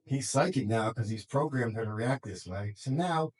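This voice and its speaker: A middle-aged man, a school counselor, talking casually to a room of students and parents, acting out quick quoted voices and often laughing. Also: medium pitch, expressive, darkish tone, poor audio. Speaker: school counselor and life coach. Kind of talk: casual talk to a group.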